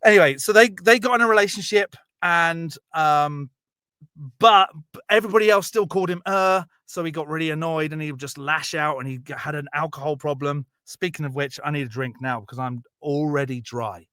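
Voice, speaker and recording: Guy telling a bible story all rambly and sweary, kinda high voice, bright, dry. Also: smooth, dry recording. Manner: rambling, profane, jokey, acts out characters in quick voices. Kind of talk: drunken comedic storytelling.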